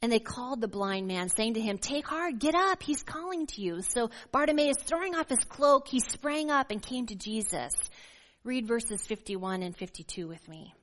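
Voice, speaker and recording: A woman pastor preaching a sermon and reading scripture aloud in a measured, emphatic way, slowing down to stress key words. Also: a little high, lively intonation, a bit bright. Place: church sanctuary. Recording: long reverb of a church hall.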